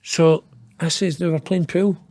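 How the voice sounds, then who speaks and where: Scottish male, 50s, interview guest, slightly high voice, rambling profane storyteller, dry close sound. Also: steady tone, measured pace, creaky, dark tone, dry recording. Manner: rambling, profane, laughs at his own tale, self-mocking.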